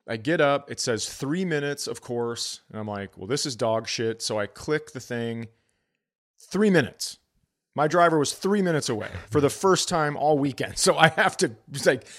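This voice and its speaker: A middle-aged man co-hosting a podcast, telling a comic story in casual chat, animated and swearing freely. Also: a little high. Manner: animated, swearing, voices others in quotes. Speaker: podcast co-host, comedian.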